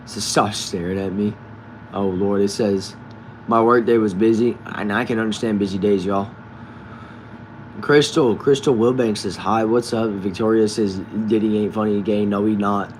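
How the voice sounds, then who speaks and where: A man casually hosting a live stream from a backyard shed, reading viewers' comments aloud and answering them in a relaxed way. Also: on the low side, moderate pace, a little hiss or hum. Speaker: livestream host reading chat.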